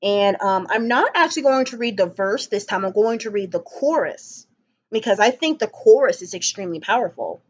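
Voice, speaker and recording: Woman vlogger, casual album review, rambly and gushing, average pitch, muffled lo-fi sound. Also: lively intonation, normal speed. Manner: rambling, enthusiastic, frequent ums and restarts.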